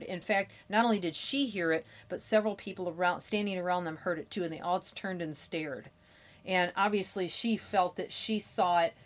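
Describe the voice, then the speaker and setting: A middle-aged woman hosting a motivational podcast, speaking earnestly and telling stories, with frequent fillers and restarts. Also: mid-range voice. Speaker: podcast host.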